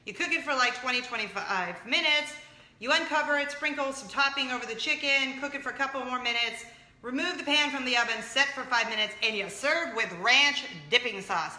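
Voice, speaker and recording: A woman in her thirties hosting a casual chat show, excitable and jumping from point to point. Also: high-pitched, a little fast, reverberant. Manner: chatty, excitable, jumps around. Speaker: show host.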